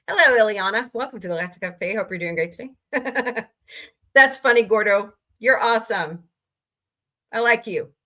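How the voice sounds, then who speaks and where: A woman's voice: on the high side, moderate pace, bright, forceful tone. A woman hosting a casual livestream, greeting viewers by name and ranting about entertainment news. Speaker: livestream host. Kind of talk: casual chat with live chat readers.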